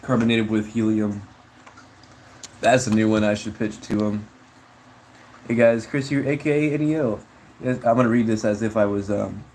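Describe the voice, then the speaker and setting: A man's voice: on the low side, normal speed, pauses often, darkish tone, poor audio. A man chatting casually on a livestream, reading chat in a rambling, slangy way with frequent laughs.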